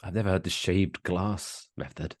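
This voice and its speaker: A man's voice: low voice, moderate pace, no echo, clean studio sound. A man, co-hosting a casual podcast with jokes and swearing. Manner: animated, swearing, jokey. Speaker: podcast co-host.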